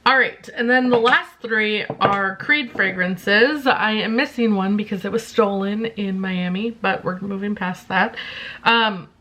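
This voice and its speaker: Woman vlogger, young adult, chatty and self-deprecating, mid-pitched voice, casual delivery with ums. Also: a little slow, sharp tone, slight background noise. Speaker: beauty vlogger. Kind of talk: casual chat to camera.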